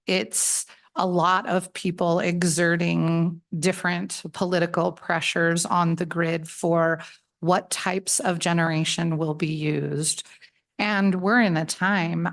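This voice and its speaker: A woman giving friendly, conversational testimony to a legislative committee at a table microphone, often restarting her phrases as she explains. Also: fairly low pitch. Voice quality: gravelly. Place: legislative committee hearing room.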